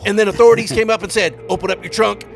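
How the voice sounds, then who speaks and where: A man putting on a gravelly, boastful wrestling tough guy. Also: sits high, fairly even intonation, rapid-fire, faint music behind. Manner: boastful, shouty promo delivery. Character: blustering wrestling-promo tough guy, adult male. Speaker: co-host. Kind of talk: comedy bit in character.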